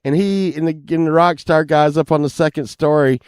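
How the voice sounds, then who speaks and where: A middle-aged man, telling a casual anecdote and loudly acting out the people in it. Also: a little high, moderate pace, clean tone, dry recording, clean studio sound. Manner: animated, acts out quoted lines loudly, laughs while telling. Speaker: storyteller.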